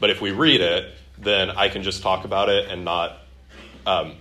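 A man leads a Bible class in a classroom, chatting with his students and joking between points. His voice is bright and forceful, pitched a little low, and he leans on fillers and quick restarts. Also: flat delivery. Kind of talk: classroom teaching with joking asides.

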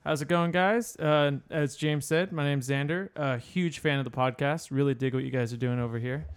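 A man's voice: fairly high pitch, steady tone, normal speed, clean tone. A man as a podcast guest, friendly and easygoing, with hesitant fillers. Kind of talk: casual chat.

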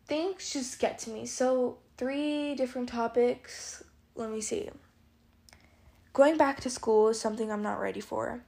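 A woman's voice: on the high side, fairly even intonation, a little slow, creaky, darkish tone. Chatty teen girl podcasting, rambling. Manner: candid, confiding. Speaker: podcast host. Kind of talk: casual solo podcast.

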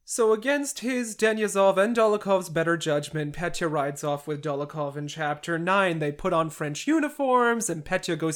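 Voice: medium pitch, animated, normal speed, hardly any pauses. Podcast host, casual book recap, wry and sarcastic, mid-range voice. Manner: wry, with sarcastic asides to the characters.

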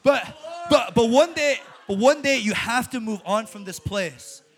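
A young man preaching a sermon to a college ministry, animated, laughing often and restarting his sentences. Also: very high-pitched, unhurried, husky.

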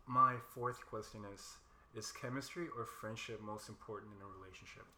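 Podcast host, mid pitch, relaxed and brief, roomy echo. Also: moderate pace, a little hiss or hum. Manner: relaxed, brief, agreeable interjections. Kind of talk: casual interview chat. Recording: echoey room with faint ambience.

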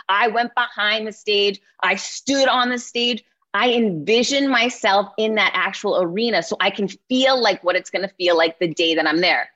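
A woman in her forties giving an energetic motivational keynote, often checking in with her listeners. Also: mid-range voice. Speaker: keynote speaker. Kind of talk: motivational speech. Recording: slightly muffled lo-fi sound.

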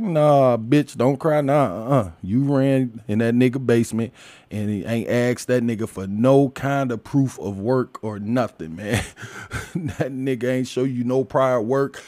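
A man's voice: medium pitch, fairly even intonation, measured pace, no echo. Profane ranting man, dry close sound. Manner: crude, loud, laughs often. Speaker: commentator. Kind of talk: casual profane rant.

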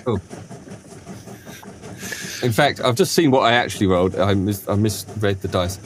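A man narrating as game master in a tabletop game, halting and full of restarts. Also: on the low side, a little hiss or hum. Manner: halting, lots of fillers and restarts.

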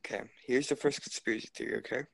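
A man's voice: mid-range voice, steady tone, rapid-fire, gravelly, fairly bright tone. Crude joking male podcast host. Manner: crude, joking, swears a lot. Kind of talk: casual chat.

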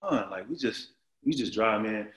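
A man in his thirties telling a story in casual chat, animated and full of slang and fillers. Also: lowish voice, measured pace. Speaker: guest. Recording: roomy echo.

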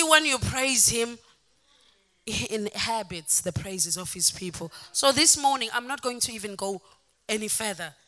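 A woman exhorting a congregation in a fervent sermon, repeating her phrases for emphasis. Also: on the high side. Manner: fervent, rising to shouted exhortation. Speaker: pastor's wife leading worship.

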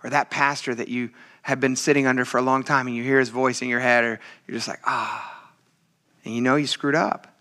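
Speaking at a quick pace in a mid-range voice, a man preaches as a pastor in an animated, conversational manner. He often performs the voices of those he quotes.

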